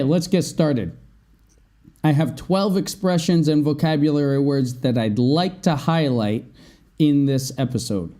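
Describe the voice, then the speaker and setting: Male podcast host teaching vocabulary; mellow tone, unhurried delivery. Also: fairly high pitch. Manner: explains slowly, often asks "right?". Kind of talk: vocabulary lesson.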